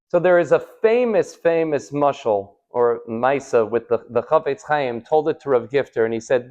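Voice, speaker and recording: A man, a rabbi, giving a live Torah class, telling stories with rhetorical questions and Hebrew terms, swinging from loud to hushed. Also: a little high. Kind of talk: live sermon with storytelling. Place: synagogue hall.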